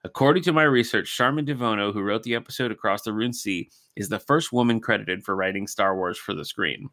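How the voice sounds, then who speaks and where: A man with a somewhat low voice co-hosting a casual podcast. He trades stories and runs through production credits in a relaxed, conversational way. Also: brisk. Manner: conversational, reads production facts. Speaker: podcast co-host. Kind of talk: casual chat.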